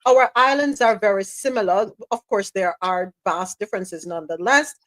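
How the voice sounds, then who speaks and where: A woman's voice: medium pitch, normal speed, a bit bright, no room sound. A woman hosting a live talk show, chatty and teasing, often laughing as she talks. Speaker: show host. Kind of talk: lively live-show banter.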